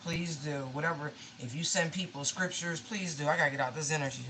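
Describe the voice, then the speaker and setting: Emotional low-voiced woman tarot reader. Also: a little fast, fairly bright tone, a little hiss or hum, rough recording. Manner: emotional, exclaiming, pleading; swears casually, says y'all. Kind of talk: casual live tarot reading.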